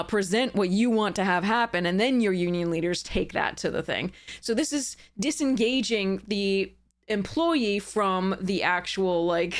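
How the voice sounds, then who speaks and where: A woman streamer with a medium-pitched voice reads a letter out loud and tears into it. Her commentary is casual and heated, sometimes sarcastic, with the odd swear word.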